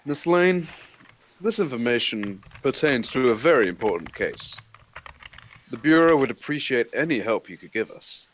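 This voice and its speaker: A man's voice: mid-range voice, lively intonation, normal speed, a bit bright, a little hiss or hum, natural voice. A man reading a formal federal agent questioning a witness. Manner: formal, official.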